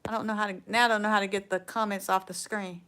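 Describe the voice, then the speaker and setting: A woman's voice: medium pitch, level tone, fast talker, pushed and bright, clear, resonant tone. A woman with a Southern US accent hosting a casual furniture upcycling livestream, folksy and chatty, often trailing off and restarting her sentences.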